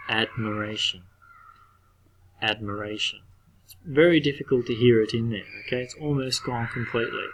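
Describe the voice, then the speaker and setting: A middle-aged male teacher giving a recorded spelling lesson to children, patient, repeating each word slowly and clearly. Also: fairly low pitch, a bit bright, rough recording.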